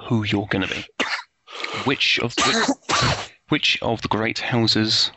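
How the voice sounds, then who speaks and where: A man's voice: lowish voice, lively intonation, slow, noisy background. A man acting as game master over a voice call, explaining the setting at length with many fillers and restarts. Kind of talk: casual tabletop game narration. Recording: lo-fi voice call audio.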